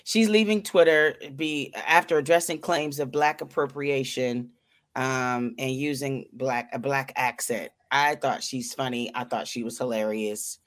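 A woman co-hosting a casual chat show, joking in a laid-back, drawn-out way. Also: rumbling low, fairly even intonation. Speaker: co-host.

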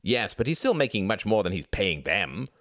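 A man's voice: lowish voice, big pitch swings, normal speed, fairly bright tone, dry recording, studio quality. A man voicing a condescending young male student who lectures confidently on Marxism. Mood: lecturing.

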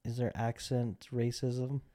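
A man's voice: medium pitch, flat delivery, takes it slowly, warm tone. A man from Texas co-hosting a casual podcast chat, joking and provocative and laughing often. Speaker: podcast co-host.

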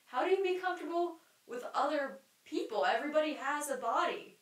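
A woman's voice: high-pitched, animated, fairly quick. A young adult woman hosting a solo podcast, talking in a candid, rambling way with lots of fillers, restarts and casual swearing. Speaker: podcast host. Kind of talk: solo stream-of-consciousness podcast monologue. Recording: roomy sound, mic at a distance.

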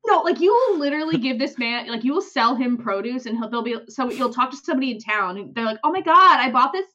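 A young woman chatting on a podcast in a fairly high voice, telling a story with lots of energy and acting out everyone's lines. She laughs often. The sound is dull and lo-fi. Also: fast talker. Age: young adult. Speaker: podcast co-host. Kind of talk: casual chat.

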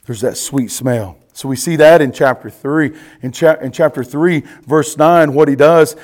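Pastor in his forties, high tenor, lively teaching sermon, keeps checking "you ready?". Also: measured pace. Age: 40s. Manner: animated, asks the listeners questions and repeats "you ready?". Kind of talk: expository Bible teaching sermon.

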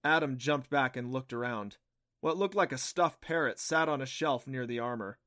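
Bright-voiced male audiobook narrator. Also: mid-range voice, moderate pace, no room sound, clean studio sound.

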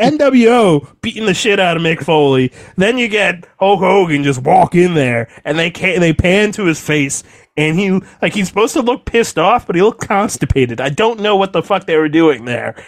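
A young man co-hosting a podcast, recapping wrestling in a profane, exasperated, animated rant. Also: high-pitched, moderate pace. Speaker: podcast co-host. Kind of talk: casual wrestling recap chat.

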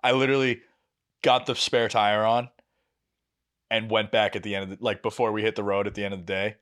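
A young man, co-hosting a casual podcast and telling a frustrating story with animated, exasperated energy and plenty of swearing. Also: on the low side, brisk, clear, resonant tone. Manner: animated, exasperated, swears freely, acts out quotes. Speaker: podcast co-host.

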